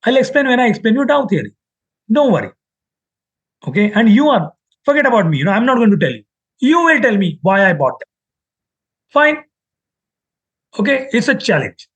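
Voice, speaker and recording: Animated Indian man teaching a live class. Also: high-pitched, moderate pace, pauses often, breathy edge. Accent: Indian English. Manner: animated, acts out buyers and sellers in quoted voices. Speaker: trading teacher. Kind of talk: live online trading class. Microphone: webcam mic on a video call.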